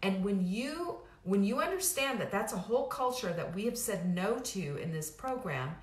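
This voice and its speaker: A woman's voice: mid-range voice, expressive, normal speed. A middle-aged woman hosting a weight-loss program, giving an emphatic motivational talk with many restarts and repeated phrases. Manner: emphatic, repetitive, casual with frequent restarts. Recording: roomy echo.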